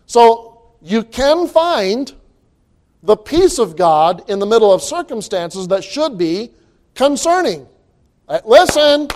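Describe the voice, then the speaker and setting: A man preaching a sermon, animated and reading scripture aloud in old-fashioned wording. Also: high-pitched. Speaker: pastor.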